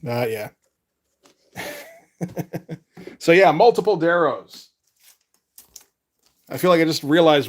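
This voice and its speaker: A man's voice: fairly high pitch, lively intonation, takes it slowly, long pauses. A man chatting casually on a live stream as a comic artist, rambling and laid-back, with casual swearing.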